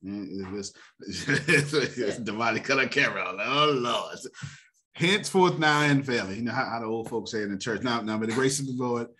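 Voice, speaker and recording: A man hosting a motivational finance talk, animated and preacher-like, often laughing. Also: fairly low pitch, moderate pace. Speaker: host.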